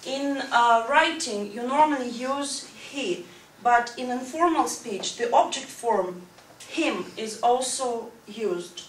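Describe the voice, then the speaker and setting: A woman with a rather high, animated voice gives a slow English grammar lesson to her class, explaining each step and asking "right?" along the way. The setting is a school classroom, recorded at a distance with echo and background noise.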